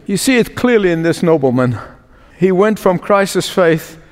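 A male pastor preaching a sermon with emphatic repetition, shifting from slow, drawn-out phrases to quick runs. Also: high voice, lively intonation. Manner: emphatic, repeats phrases for stress; shifts between slow, drawn-out and rushed delivery. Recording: long reverb from a large hall.

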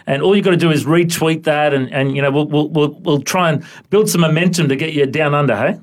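A man's voice: fairly high pitch, fairly quick. An Australian man hosting a casual radio interview, chatty and friendly, tagging his sentences with "hey?" and "mate". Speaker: radio host.

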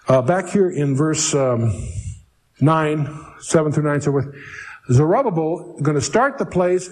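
Male Bible teacher, slightly high voice, conversational lecture with dry humor and slow, deliberate scripture readings. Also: a little mellow, low-quality recording. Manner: conversational, wry asides, reads scripture slowly and deliberately.

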